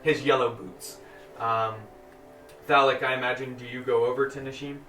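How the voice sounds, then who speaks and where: A man's voice: mid-range voice, steady tone, normal speed, pushed and bright, soft background music. A man running a tabletop game as game master, narrating scenes and laughing often. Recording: roomy, distant mic with background noise.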